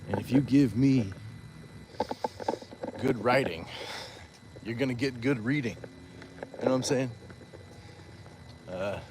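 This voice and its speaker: A man's voice: on the low side, noisy background. A man hosting a livestream on a walk, reading viewer comments aloud in a playful, chatty way. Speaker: livestream host reading chat. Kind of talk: casual livestream chat while walking. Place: outdoors on a walk.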